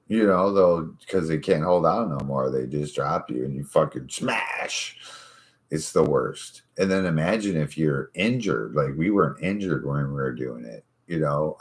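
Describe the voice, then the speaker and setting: A man's voice: very deep voice, normal speed. A man in his forties, a podcast host, telling stories in casual, profane chat. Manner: profane, easygoing storytelling.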